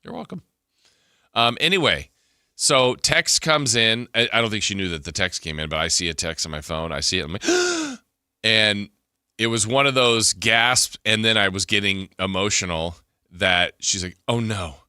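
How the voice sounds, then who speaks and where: Bright, lively low-voiced male radio host. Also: moderate pace, clean tone, no echo, clean studio sound. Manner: animated storyteller, gasps and laughs while telling. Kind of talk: casual chat. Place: radio studio.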